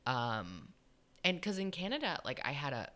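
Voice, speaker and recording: A woman's voice: very deep voice, moderate pace. A young woman chatting casually, telling stories and acting out the lines of people in them. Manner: animated storyteller, acts out quoted lines. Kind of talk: casual chat.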